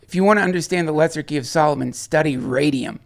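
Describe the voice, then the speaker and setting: A man's voice: a little high, fast talker, gravelly. A man hosting a livestream, rambling casually and profanely with lots of restarts and chuckles while reading viewer chats.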